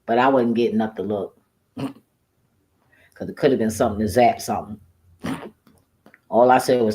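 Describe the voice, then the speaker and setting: Her voice is extremely low and mellow, moving at a normal speed with long pauses. She's a vlogger ranting to camera in a casual, rambling way, profane and blunt, laughing at her own lines.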